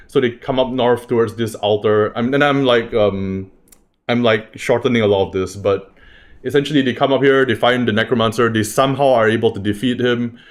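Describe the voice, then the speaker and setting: A man recapping a tabletop game session in a loose, rambling way, swearing freely. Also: fairly low pitch. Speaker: game master recapping a campaign. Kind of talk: casual spoken recap.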